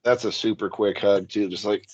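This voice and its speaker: A man's voice: lowish voice, steady tone, normal speed, lo-fi sound, noisy background. A man co-hosting a podcast, making crude sarcastic jokes and laughing. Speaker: podcast co-host. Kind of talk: casual comedic commentary.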